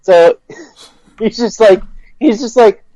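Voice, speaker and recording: Giggly man, slow rambling banter. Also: sits high, warm tone, no room sound, poor audio. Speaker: podcast co-host. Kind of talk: crude casual banter.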